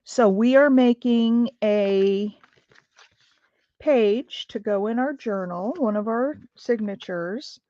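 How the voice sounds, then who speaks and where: A woman's voice: fairly high pitch, slow pace, warm tone, no room sound, muffled recording. A woman hosting a craft livestream, chatting casually with viewers and thinking aloud as she works. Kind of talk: casual chat while crafting.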